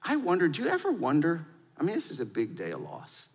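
A man preaching a sermon in a lively, conversational way, drawing the audience into call-and-response. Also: fairly high pitch, fast, breathy edge. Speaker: pastor. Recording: long hall reverb.

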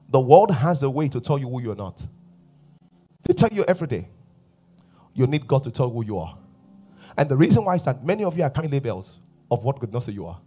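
A man's voice: medium pitch, mellow. A male pastor preaching a sermon emphatically, repeating refrains and sometimes dropping to a whisper.

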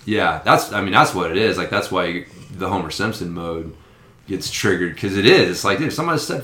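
A man's voice: low voice, expressive, brisk, fairly bright tone. A man, a father, chatting casually and swearing freely, acting out quoted exchanges. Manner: profane, acts out quoted exchanges. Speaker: father of young kids. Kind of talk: casual chat. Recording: roomy echo.

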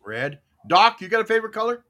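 A man hosting a casual podcast, chatty and quick to laugh, asking his co-hosts questions. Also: sits high. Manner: animated, asks questions, laughs often. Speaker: podcast host. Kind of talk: casual chat.

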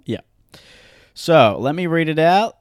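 Male podcast co-host, animated and playful, lively pitch, dry close-mic sound. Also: clear, resonant tone, dry recording. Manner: playful, animated, quick to laugh. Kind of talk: casual chat.

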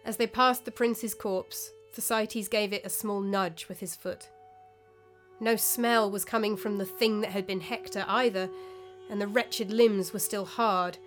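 A woman reading a story aloud in measured, even narration. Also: medium pitch.

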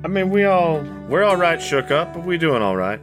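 A man voicing a shaken rural uncle with a drawl, speaking in halting, folksy dialect full of restarts. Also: a little high, big pitch swings, over music, voice pushed up.

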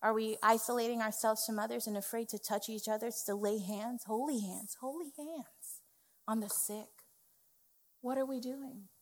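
A woman's voice: a little high, steady tone, normal speed. Woman pastor preaching in a reverberant hall. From West Indies family. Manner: emphatic, conversational preaching with frequent "okay". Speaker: executive pastor. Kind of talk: sermon. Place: church sanctuary.

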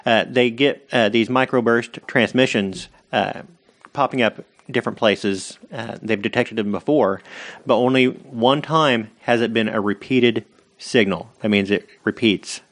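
A man's voice: medium pitch, unhurried, a bit bright. A man co-hosting a casual podcast, bantering with dry, teasing humor. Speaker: podcast co-host.

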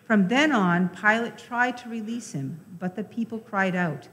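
A woman lector giving a measured, deliberate scripture reading. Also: medium pitch, a bit bright. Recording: reverberant church hall.

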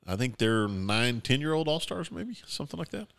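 A man's voice: medium pitch, very animated, normal speed, gravelly, a bit bright. A man co-hosting a casual radio show, telling joking stories and chuckling along. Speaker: co-host.

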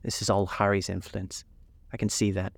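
A man's voice: fairly low pitch, level tone, normal speed, gravelly, no echo. A man voicing an anguished, earnest older male painter in a storybook reading, pained and pleading. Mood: distressed.

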